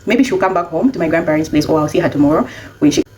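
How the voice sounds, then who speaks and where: A young adult woman casually telling a personal story, chatty and animated when she quotes herself. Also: low voice, very fast, a little hiss or hum, low-quality recording.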